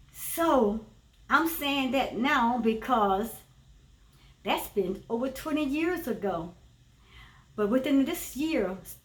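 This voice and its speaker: A woman, a teacher and former preacher, giving a personal spiritual testimony in an earnest, emphatic way, often repeating her phrases. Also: a little high. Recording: roomy echo, voice from a distance.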